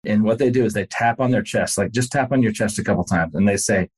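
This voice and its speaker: Low husky-voiced man telling a story. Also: quick pace, darkish tone. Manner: earnest storytelling, direct appeals to listeners. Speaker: pastor, podcast guest. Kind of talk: casual faith conversation.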